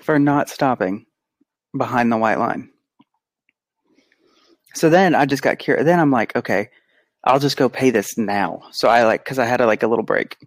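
A man's voice: mid-range voice, normal speed, pauses often, no echo. Dry-voiced guy telling a story. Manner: animated storytelling, acts out quotes. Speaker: podcast co-host; pediatric physical therapist. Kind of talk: casual chat.

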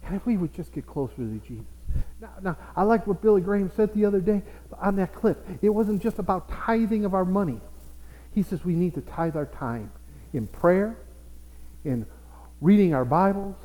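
Male pastor, higher voice, animated sermon delivery, echoing room. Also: normal speed. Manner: animated preaching with playful asides. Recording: reverberant hall.

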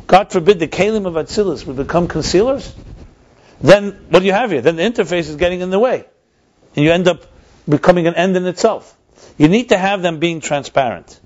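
Man, fairly high voice, emphatic teacher, conversational, dull lo-fi recording. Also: darkish tone. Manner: emphatic, repeats key points.

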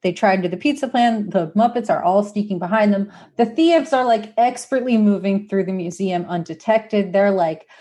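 A young woman co-hosting a casual podcast, retelling movie scenes with quick laughs and quoted lines. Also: mid-range voice, warm tone. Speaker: podcast co-host. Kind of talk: casual chat.

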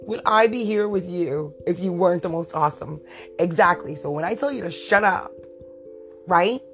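A woman's voice: lowish voice, moderate pace, faint music behind. A woman hosting a podcast from home, chatting casually in a teasing, playful way and laughing often. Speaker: podcast host. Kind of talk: casual chat. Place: at home, back porch.

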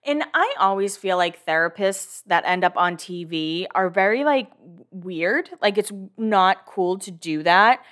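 A woman's voice: mid-range voice, expressive, a little slow, fairly bright tone. A woman hosting a casual recap podcast, rambling through the story in a chatty way. She leans on fillers and drops an occasional swear word. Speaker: podcast host.

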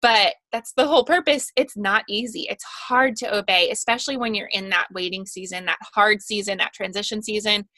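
A woman speaks as a podcast guest, earnest and talkative, with lots of casual fillers. Her voice is bright and forward. The sound is close and dry, with no room around it. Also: mid-range voice, a little fast, hardly any pauses, no room sound. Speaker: guest author of a Bible study guide.

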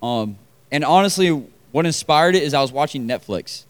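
A man's voice: on the high side, animated, normal speed, clear, resonant tone. A young man preaching a casual, conversational sermon to a room of about forty people, with lots of fillers and questions put to the crowd.

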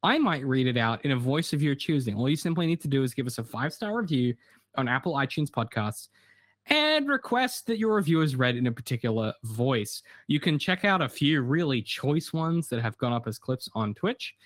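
Lively, playful male podcast host. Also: mid-range voice, moderate pace, no room sound, studio quality. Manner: animated, playful, jokey. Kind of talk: comedic podcast banter.

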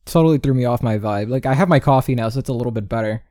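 A man in his twenties hosts a casual solo podcast from a home setup indoors, rambling, swearing freely and tossing Spanish words into his talk. His medium-pitched voice runs very fast with a darkish tone, and the recording is dry and studio quality.

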